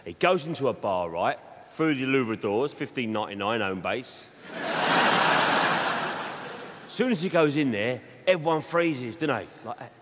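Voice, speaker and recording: A man's voice: medium pitch, big pitch swings, moderate pace, pauses often. A man, a comedian, performing live stand-up, telling rambling anecdotes in a conversational way. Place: live theatre stage. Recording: reverberant live hall with noise.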